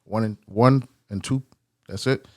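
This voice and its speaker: Low-voiced man, dry close sound. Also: measured pace, dry recording. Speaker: co-host. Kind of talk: casual sports chat.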